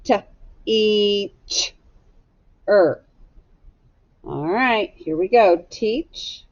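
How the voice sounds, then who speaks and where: A woman teacher gives a recorded phonics lesson for children, patiently spelling words letter by letter with gentle encouragement. Her medium-pitched voice moves very slowly, and the recording is muffled.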